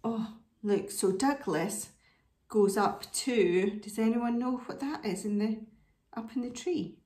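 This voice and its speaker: A woman reading a picture book aloud to children, animated and asking her listeners questions. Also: on the high side, takes it slowly, roomy sound. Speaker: storybook reader.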